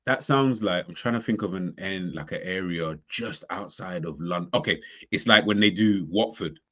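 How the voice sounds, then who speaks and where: A man from London chatting in casual football banter, halting and full of restarts. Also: low voice, pushed and bright, muffled recording.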